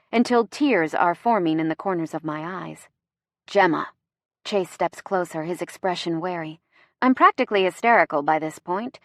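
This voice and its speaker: A woman narrating a first-person romance audiobook in an expressive, playful way. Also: medium pitch, no echo, clean studio sound.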